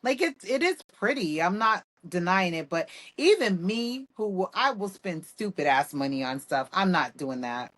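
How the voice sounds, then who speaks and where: A woman in her thirties co-hosting a podcast, chatting casually in an animated, emphatic, blunt way. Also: fairly low pitch, normal speed, hardly any pauses. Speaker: podcast co-host. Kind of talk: casual chat.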